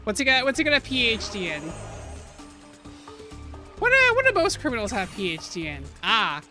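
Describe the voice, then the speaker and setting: A woman streaming a video game, commenting out loud, joking and exclaiming as she plays. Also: on the high side, normal speed, over music. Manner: animated, exclaims and laughs often, jokes with chat. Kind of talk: live gaming commentary.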